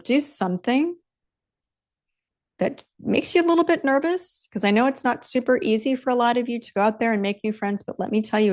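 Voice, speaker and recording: A woman's voice: medium pitch, a little mellow. A woman in her fifties hosting a solo podcast, talking emphatically and bluntly, swearing freely and repeating her key phrases for punch. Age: 50s. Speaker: podcast host. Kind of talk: solo motivational podcast talk.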